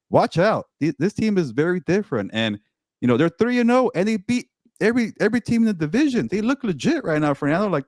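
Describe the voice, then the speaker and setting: A man co-hosting a casual sports talk show, excitable and quick, often repeating words as he goes. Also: on the high side, no room sound, studio quality. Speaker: co-host and team reporter.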